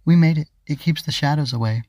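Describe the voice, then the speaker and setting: A man's voice: fairly high pitch, quick pace, mellow, no echo, studio quality, voice pushed up, close to an everyday voice. Man putting on a timid little girl. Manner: timid, whispery. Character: small young girl, shy and scared at bedtime.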